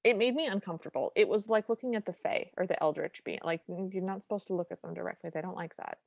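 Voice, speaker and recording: A woman's voice: fairly low pitch, fast, creaky, darkish tone, no room sound. A woman co-hosting a podcast, recapping a cartoon in a wry, detailed, opinionated way. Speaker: podcast co-host. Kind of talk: casual chat recapping a film.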